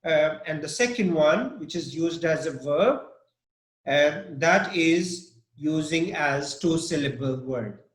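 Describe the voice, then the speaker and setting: Slow, halting male teacher, echoey room. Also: fairly high pitch, expressive. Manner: slow, halting, many fillers and "okay?" checks. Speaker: English teacher. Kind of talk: live pronunciation lesson.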